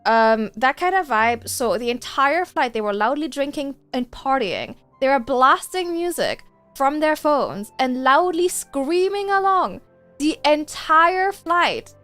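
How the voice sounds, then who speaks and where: A woman streamer telling a story in casual chat while gaming, animated and exasperated, swearing freely. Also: high-pitched, takes it slowly, soft background music.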